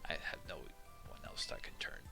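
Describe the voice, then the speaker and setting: A man's voice: normal speed, over music, natural voice. A man voicing a secretive adult man with a sweet tooth in a whispered role-play, formal and conspiratorial. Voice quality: hushed, breathy whisper.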